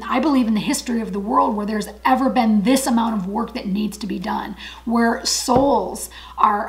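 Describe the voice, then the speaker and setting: A woman's voice: a little high, rough recording. A woman giving an encouraging Bible study talk, earnest and emphatic, repeating her key phrases.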